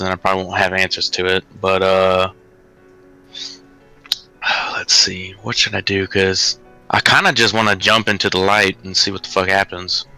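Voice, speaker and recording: Very bright, smooth-voiced male player. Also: lowish voice. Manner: joking, hesitant, swears casually. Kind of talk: casual tabletop play.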